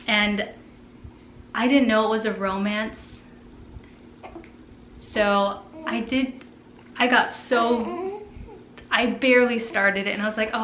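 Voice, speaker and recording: A woman's voice: on the high side, fairly bright tone, slight background noise. A young woman talking casually about books, chatty, often trailing off and restarting her sentences. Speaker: book vlogger. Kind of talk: casual chat. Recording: echoey room with faint ambience.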